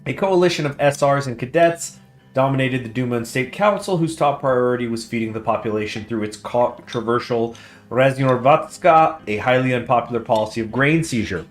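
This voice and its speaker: A man's voice: medium pitch, fairly quick. A man hosting a strategy game let's play, reading game text aloud in a chatty way and stumbling over foreign names. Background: faint guitar music.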